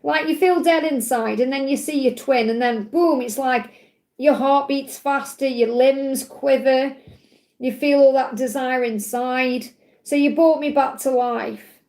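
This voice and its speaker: A woman with a high, gravelly voice gives tarot readings on a live stream. She talks in a chatty, reassuring way and keeps checking in with her listeners. The sound is echoey, as if she were recorded in a bare room. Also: steady tone, measured pace, a little mellow. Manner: chatty, reassuring, often adds "okay?". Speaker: tarot reader hosting a live Q&A.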